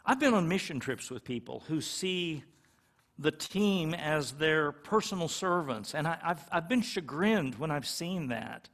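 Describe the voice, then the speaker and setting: High-voiced middle-aged pastor preaching. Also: male voice, animated, a little slow, a bit bright. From California. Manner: conversational, acts out little quoted exchanges. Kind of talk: sermon.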